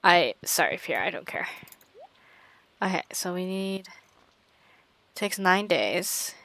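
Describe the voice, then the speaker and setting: A woman streaming a game in casual let's-play commentary, chatty and talking through each of her moves with quick self-aware asides. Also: lowish voice, very animated, vocal fry, bright, forceful tone.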